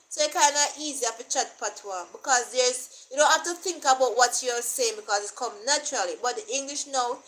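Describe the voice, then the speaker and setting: A woman's voice: high voice, a little fast, few pauses, fairly bright tone, slight background noise, poor audio. A Jamaican woman vlogger chatting casually to camera, rambling and repeating herself as she thinks aloud.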